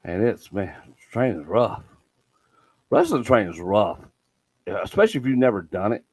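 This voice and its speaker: A middle-aged man with a drawl tells stories with lively energy and a fair bit of swearing. His voice sits low. The sound is close and dry, with no room around it. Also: moderate pace, husky, no echo, poor audio. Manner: animated storytelling, swears freely. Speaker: podcast host. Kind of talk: casual chat.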